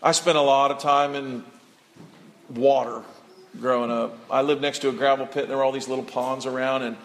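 A man's voice: medium pitch, level tone, brisk. A man preaching a sermon as pastor, talking in a folksy, conversational way and calling for responses from the congregation. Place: church sanctuary. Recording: long reverb of a church hall.

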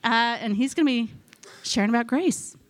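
High-voiced woman introducing a speaker. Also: moderate pace, background noise. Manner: brief, plain announcement. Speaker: church service leader.

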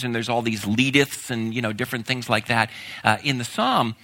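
A man preaching a conversational sermon, talking casually with fillers and growing animated at times. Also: mid-range voice. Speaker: pastor.

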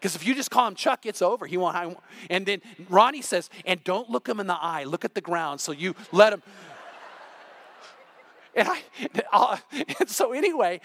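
A middle-aged male pastor preaching a sermon, impassioned and building to near-shouts. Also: high voice, dry recording.

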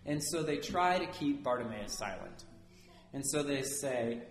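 A man preaching a sermon as a priest, lively and conversational, often asking his listeners "right?". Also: medium pitch, unhurried, echoey room, slight background noise.

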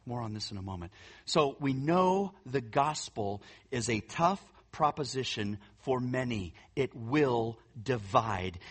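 A man's voice: medium pitch, fairly bright tone, husky. A man preaching a sermon in an earnest, emphatic way, often repeating words for weight. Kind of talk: sermon teaching.

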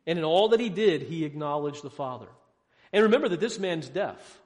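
Male preacher, high register, dramatic questions and hushed drops, in a room with a long echo. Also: lively intonation, fairly quick. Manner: asks rhetorical questions, swings between loud emphasis and hushed lows. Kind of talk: sermon. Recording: long hall reverb.

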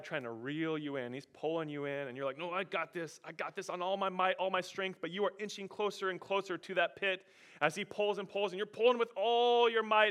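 A man pastor preaching a sermon, animated and emphatic, rising and falling in volume. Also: high-pitched.

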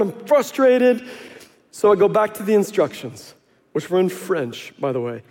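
A man in his thirties preaching a sermon as a pastor, animated and storytelling, acting out quotes with self-deprecating humor. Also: sits high, measured pace. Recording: long hall reverb.

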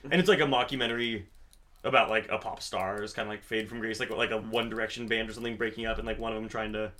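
Bright-voiced rambling guy. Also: lowish voice, fairly even intonation, quick pace. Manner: rambling, heavy use of "like", laughs at own stories. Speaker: podcast co-host. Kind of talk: casual chat.

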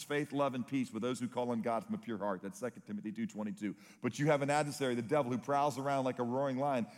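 A man's voice: fairly high pitch, long reverb tail. A man preaching a sermon, telling stories with rising emphasis. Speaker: pastor.

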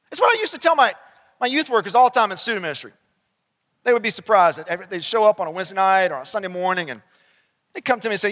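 A man preaching a sermon as pastor, animated and rising to near-shouts when excited. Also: sits high, fast, big-room sound.

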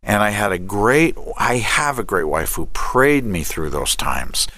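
A middle-aged man with a very low voice talks in a relaxed interview about faith and raising children. He tells stories with energy and slips into the voices of the people he quotes. The sound is close and dry, with no room echo. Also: unhurried. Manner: animated storyteller who acts out quoted dialogue. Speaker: director of a family ministry and counselor.

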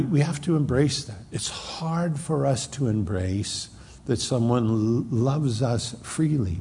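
A male pastor preaching a sermon with emphatic swings from loud stress to soft, low asides, with a husky, gravelly voice. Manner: emphatic, rising to bursts of loud stress then dropping soft. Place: church hall. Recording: long hall reverb.

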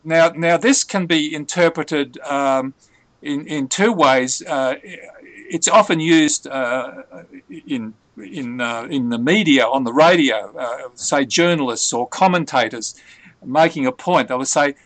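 Man explaining patiently, halting, dry close sound. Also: fairly high pitch, a bit bright, no room sound. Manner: hesitant, many fillers and restarts, patient explaining. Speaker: English tutor. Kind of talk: conversational language lesson.

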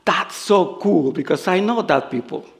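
An older Salvadoran man, a native Spanish speaker with a Salvadoran accent, preaches a sermon as a guest in halting English. He's humorous and self-deprecating, laughing often, and his voice is high-pitched, expressive, and creaky.

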